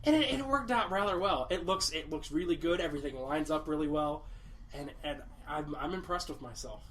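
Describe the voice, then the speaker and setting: A man's voice: fairly high pitch, a little fast, fairly bright tone, a little hiss or hum. A man hosting a podcast, chatting casually and rambling, with lots of swearing and restarts. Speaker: podcast host. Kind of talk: casual chat.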